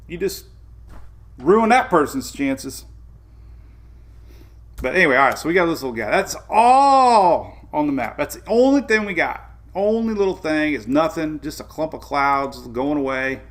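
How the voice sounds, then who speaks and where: A man's voice: fairly high pitch, a bit bright. Chatty Southern-accented man hosting. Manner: rambling, chatty, greets viewers by name, laughs often. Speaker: weather show host. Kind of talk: casual live-stream chat.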